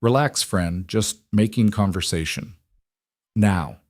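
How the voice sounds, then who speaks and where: A man's voice: on the low side, slow pace, a little mellow, no echo, studio quality. A man playing a cocky young prospector from Boston who taunts with a grinning, mocking tone. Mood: taunting.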